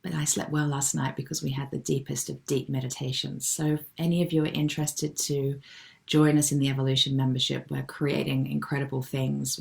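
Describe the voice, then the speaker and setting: A middle-aged woman runs a live online wellbeing session, warmly reading viewers' comments aloud and answering them. Her voice rumbles low with vocal fry, and she's gentle and affectionate, calling people "darling."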